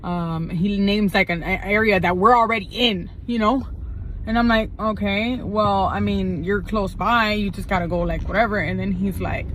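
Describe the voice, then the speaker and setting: Woman, casual storyteller, street slang and cursing, phone in a car, clear road noise. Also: mid-range voice, brisk, low-quality recording. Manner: animated, profane, street slang. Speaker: vlogger telling a story. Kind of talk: casual storytime while driving. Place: inside a moving car. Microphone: phone camera.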